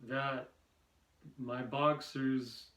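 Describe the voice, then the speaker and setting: Guy doing amateur standup, slow halting rambly delivery, echoey room. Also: medium pitch, little pitch movement, a bit bright. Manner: halting, meandering, with many pauses and fillers. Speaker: amateur stand-up comedian and podcast host.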